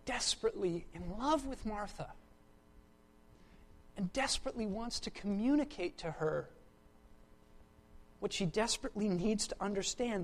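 A preacher delivering a sermon, repeating words for emphasis and moving between loud, pressing stretches and hushed, quiet ones. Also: mid-range voice.

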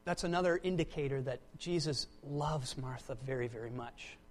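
A preacher delivering a sermon, repeating words for emphasis and moving between loud, pressing stretches and hushed, quiet ones. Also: medium pitch, normal speed, slight background noise.

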